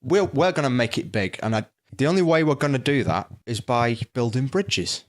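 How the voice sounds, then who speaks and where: A young man co-hosting a podcast in casual banter, with silly, deadpan jokes. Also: medium pitch, moderate pace. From northwest England. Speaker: podcast co-host.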